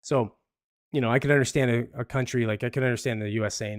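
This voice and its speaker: A man hosts a live podcast, rambling through the news in a loose, profane way and laughing often. His voice sits at an ordinary middle pitch. The sound is dry and close. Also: steady tone, fast, dry recording. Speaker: podcast host.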